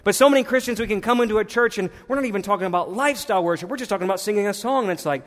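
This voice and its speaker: A man preaches in a church, his voice pitched fairly high for a man. He swings from loud, urgent appeals down to hushed, intimate tones. The sound carries a long reverb from the hall. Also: racing, few pauses, slight background noise. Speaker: pastor. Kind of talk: sermon. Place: church sanctuary.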